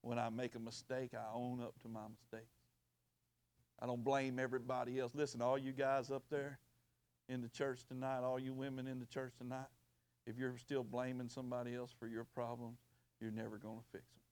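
A man preaching a sermon as pastor, folksy and plain-spoken, building up to loud shouted bursts. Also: medium pitch, level tone, brisk.

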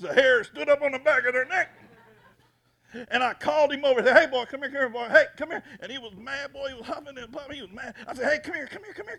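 A man's voice: high voice, a bit bright. A male pastor preaching a fiery sermon, repeating himself and stumbling over restarts.

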